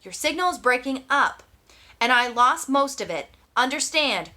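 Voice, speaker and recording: A woman voicing a calm adult male radio operator who speaks in clipped, formal radio procedure in an audiobook. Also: high voice, normal speed. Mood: businesslike.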